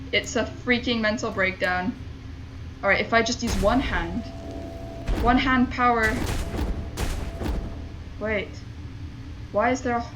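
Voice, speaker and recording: Woman gamer, home stream, exasperated swearing commentary, unhurried delivery, faint noise behind. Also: mid-range voice. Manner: frustrated, swearing, talking to herself and chat. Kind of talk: casual gameplay commentary.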